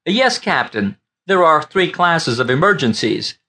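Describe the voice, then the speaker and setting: A man's voice: a little high, sing-song, unhurried, sharp tone, breathy edge, pitched above the performer's own voice, heavily acted. A man voicing an eager young station attendant in an audiobook, stubborn and insistent about the rules.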